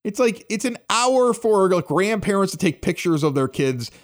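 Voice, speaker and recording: A man's voice: sits high, big pitch swings, moderate pace. A man in his forties hosting a podcast, reading local announcements and rambling through stories with acted-out voices. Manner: rambling storyteller, acts out quoted voices. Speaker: podcast host. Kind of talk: casual chat and local announcements.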